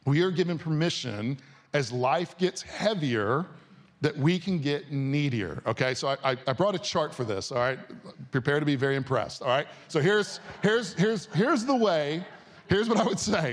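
Pastor, man in his forties, chatty sermon delivery, animated, goes from hushed to loud. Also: on the high side. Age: 40s. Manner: casual, animated, swings from soft and slow to loud. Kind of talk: conversational sermon. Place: church or auditorium before a congregation.

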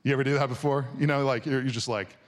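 A man in his forties preaching a sermon to a congregation in a casual, conversational way, dropping from soft, slow words to loud bursts. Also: mid-range voice, steady tone. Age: 40s. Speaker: pastor. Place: church or auditorium before a congregation.

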